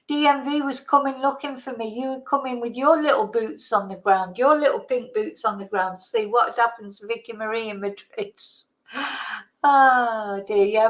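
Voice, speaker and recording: A woman's voice: a little high, low-quality recording. Chatty, tired woman live-streaming. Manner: chatty, rambling, greets viewers warmly by name. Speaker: livestream host. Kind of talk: casual live chat.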